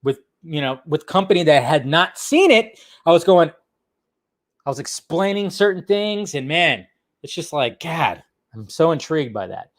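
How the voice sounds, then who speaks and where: A male host giving casual movie news commentary, excitable, swearing freely and laughing often. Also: on the high side, normal speed. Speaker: host of a film news channel.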